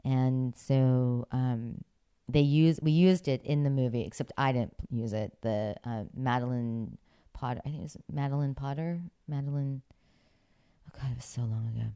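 Middle-aged actress from Pittsburgh, chatty interview guest, very deep and smooth for a woman. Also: fairly even intonation, normal speed, mellow. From Pittsburgh, USA. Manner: chatty, many fillers, laughs often. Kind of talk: relaxed interview storytelling.

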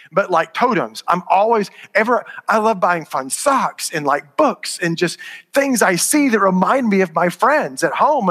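A middle-aged man with a high, bright voice gives a chatty conference talk to parents, often asking if it makes sense. His voice rings out with a long reverb in a large hall. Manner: conversational, asks the audience if it makes sense. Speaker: conference speaker.

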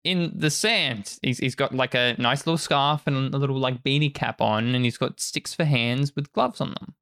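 A man narrating as game master in a relaxed, laughing, casual way. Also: medium pitch, moderate pace. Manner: laid-back, laughs often, with casual fillers.

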